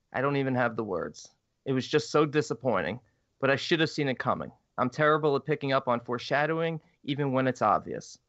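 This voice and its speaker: A man's voice: mid-range voice, fairly bright tone, no room sound. Male podcast co-host, blunt opinions, dry and dull-sounding recording. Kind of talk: casual podcast chat and reading listener email aloud.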